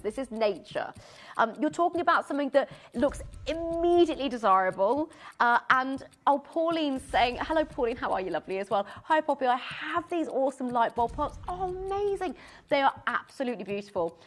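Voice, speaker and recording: A woman presenting on a live shopping channel, gushing and excitable, chatting with many restarts. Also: fairly high pitch. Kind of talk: live TV sales pitch.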